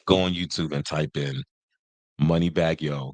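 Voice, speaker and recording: A man's voice: very deep voice, measured pace, no room sound. A man co-hosting a casual podcast, telling jokes and stories and mimicking how other people talk. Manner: joking, animated storytelling with mimicked quotes. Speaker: podcast co-host. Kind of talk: casual chat.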